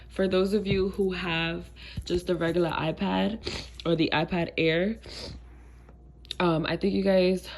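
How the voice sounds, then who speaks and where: A woman's voice: lowish voice, vocal fry, darkish tone. A woman with a stuffy, congested voice chatting through a casual unboxing vlog, laid-back, with frequent ums and slang. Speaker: tech vlogger.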